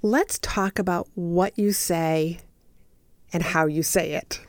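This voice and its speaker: A woman hosting a podcast as a speaking coach, talking casually with deliberate emphasis, pauses and frequent fillers. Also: lowish voice, no echo, clean studio sound. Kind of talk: solo podcast teaching.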